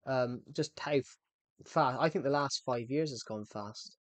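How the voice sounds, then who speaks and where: A man's voice: mid-range voice, measured pace, dry recording. A young man, chatting casually with his viewers during a livestream and often repeating himself. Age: 20s. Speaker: game streamer.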